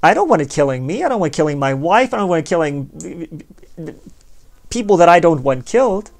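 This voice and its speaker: A man's voice: a little high, big pitch swings, brisk, vocal fry. A man hosting a podcast, delivering a rambling, sardonic philosophical monologue and speaking straight to the listener. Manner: sardonic, plays both sides of an imagined dialogue; rambling, conversational, addresses the listener directly. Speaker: podcast host.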